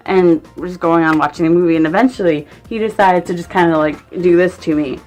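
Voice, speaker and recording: A woman's voice: fairly low pitch, steady tone, brisk, a little mellow, soft background music. A young woman vlogger telling a casual story. She rambles and swears freely, and fills her sentences with "like".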